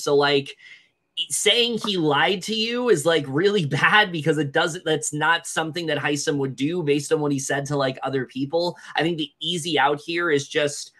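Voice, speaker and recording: Bright-voiced young man recapping casually. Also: fairly high pitch, moderate pace. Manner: rambling, many fillers and restarts. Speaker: podcast co-host.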